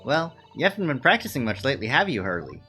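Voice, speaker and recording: A man voicing a kind, cheerful young girl in a video game, talking in a gentle, reassuring way. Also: medium pitch, big pitch swings, fast talker, soft background music, pitched above the performer's own voice.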